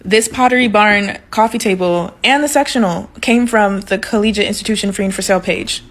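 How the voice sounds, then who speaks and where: A woman's voice: mid-range voice, fairly quick. A woman giving earnest, urging college advice straight to the viewer. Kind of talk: direct-to-camera advice.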